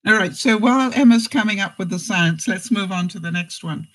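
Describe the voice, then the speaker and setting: A woman's voice: mid-range voice, fairly quick, low-quality recording. A woman hosting a casual live stream, reading out jokes and viewer comments and laughing often.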